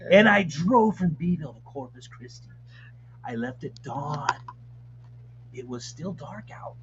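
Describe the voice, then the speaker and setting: A man co-hosting a live show, retelling a ghost story in a slow, theatrical mock-spooky voice. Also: fairly high pitch, lively intonation, muffled recording, heavy background noise. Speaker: co-host.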